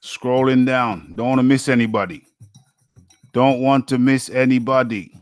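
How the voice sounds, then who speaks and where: A man from the UK hosts a casual live boxing talk stream and reads out viewer names in a relaxed way. His voice is smooth and resonant at a middle pitch. The sound is close and dry. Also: normal speed, dry recording.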